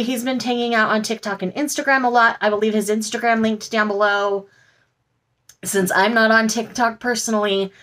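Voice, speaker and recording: A woman's voice: medium pitch, fairly bright tone. A woman vlogger chatting casually and gushingly about the books she just bought, with frequent fillers. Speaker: book vlogger. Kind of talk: casual haul chat.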